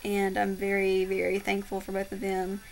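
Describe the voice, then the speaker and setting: A woman vlogger talking to the camera in a halting, heartfelt way, with many fillers and pauses. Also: medium pitch, monotone, vocal fry, darkish tone, slight background noise, low-quality recording. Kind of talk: casual heartfelt talk to camera.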